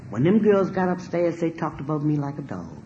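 Woman, personal testimony, emphatic, swearing, lively pitch, faint background hum. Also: a little fast, lo-fi sound. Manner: animated, emphatic, swears freely, laughs through the telling. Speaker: storyteller sharing a personal testimony.

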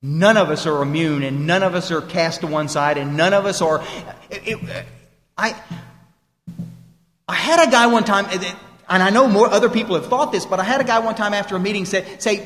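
Man, high voice, folksy and emphatic, recovery meeting talk, roomy hall echo. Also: normal speed, a bit bright. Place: meeting room. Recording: echoey hall, live talk recording.

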